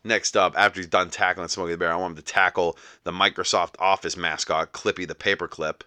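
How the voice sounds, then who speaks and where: A man's voice: sits low, level tone, fairly quick, pushed and bright, no room sound, clean studio sound. A young man hosting a podcast, ranting in mock outrage about small annoyances. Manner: exasperated, mock-indignant ranting. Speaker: podcast host. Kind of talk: comic solo rant.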